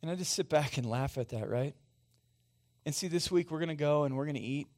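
Brief: man in his forties, pastor preaching in church, talks to the congregation conversationally, slightly higher voice. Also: brisk, darkish tone. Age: 40s. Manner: conversational, asks the congregation questions. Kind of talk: sermon. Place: church sanctuary.

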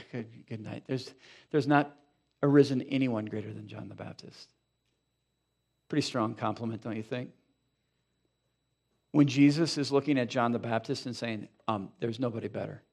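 Animated male pastor preaching. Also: mid-range voice, moderate pace, gravelly. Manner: animated, conversational preaching with frequent asides. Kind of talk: sermon. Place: church sanctuary.

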